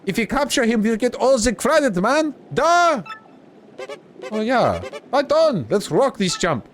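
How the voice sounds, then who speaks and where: A man's voice: a little slow, exaggerated voice. A man voicing dopey young male enemy foot soldiers who talk in surfer-dude slang while he reads game dialogue aloud. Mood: bickering. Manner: squeaky, excitable, bickering.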